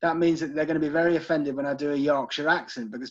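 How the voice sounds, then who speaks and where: A man's voice: fairly high pitch, steady tone, fast, dull audio. A man with a British accent leads a live online literary tour, chatting casually with viewers and using plenty of ums. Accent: British English. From United Kingdom. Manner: chatty, checks in with listeners, frequent ums. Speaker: virtual tour guide.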